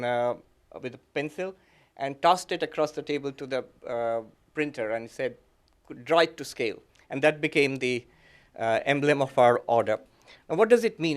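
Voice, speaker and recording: A man, a monk, giving a reflective talk that mixes his own story with teaching, speaking gently with frequent fillers and soft laughs. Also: medium pitch. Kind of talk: reflective lecture with personal story.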